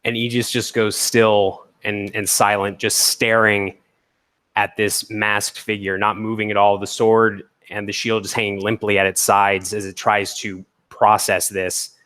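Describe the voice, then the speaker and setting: A man narrating a tabletop game, measured. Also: fairly low pitch, little pitch movement, a bit bright. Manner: measured, descriptive. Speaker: game master.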